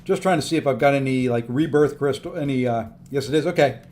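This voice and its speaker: A man's voice: mid-range voice, fast, darkish tone, soft background music. A tired, upbeat man live-streaming a video game, chatting casually and thanking viewers by name as he plays.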